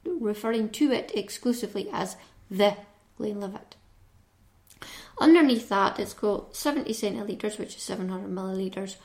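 A woman's voice: medium pitch, creaky, darkish tone. Chatty woman reading a label. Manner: reads label aloud, teasing and chatty. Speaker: whisky reviewer. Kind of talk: casual review chat.

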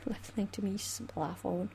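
A woman's voice: medium pitch, measured pace, gravelly, mellow, slightly rough. A Scottish woman hosting a craft podcast in a chatty, laughing way. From Scotland. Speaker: podcast host. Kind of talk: casual chat.

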